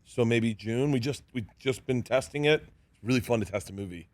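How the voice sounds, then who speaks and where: A comedian telling lively stories in a studio interview, laughing and acting out the other people in them. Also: male voice, mid-range voice, brisk, no room sound. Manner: animated, laughing, acts out voices in his stories. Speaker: comedian guest. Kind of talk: casual storytelling interview.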